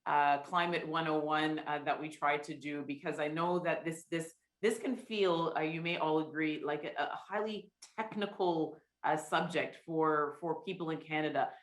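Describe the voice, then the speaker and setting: A woman hosting a virtual roundtable, moderating the panel in a halting way with many restarts and fillers over a video call. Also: deep voice. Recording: roomy echo.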